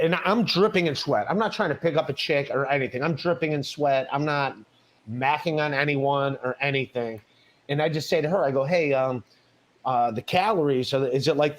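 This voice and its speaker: Profane rambling man telling a story. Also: medium pitch. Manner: profane, rambling, lots of restarts and fillers.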